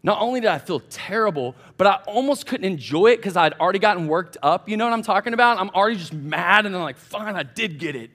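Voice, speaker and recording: High-voiced pastor telling stories. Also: male voice, quick pace, few pauses. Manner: chatty, animated anecdotes addressing the crowd directly. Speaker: college pastor. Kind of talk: casual storytelling sermon. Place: church.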